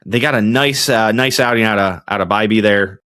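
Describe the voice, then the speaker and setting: A man's voice: fairly low pitch, a little fast, pushed and bright. A man hosting a podcast, telling stories casually and rambling with many restarts. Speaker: podcast host. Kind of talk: casual storytelling.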